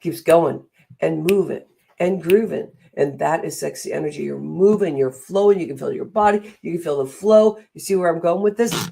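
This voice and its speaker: A middle-aged woman giving a motivational talk, animated and acting out the voices she quotes. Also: deep voice, normal speed, gravelly, slightly rough. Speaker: speaker and coach.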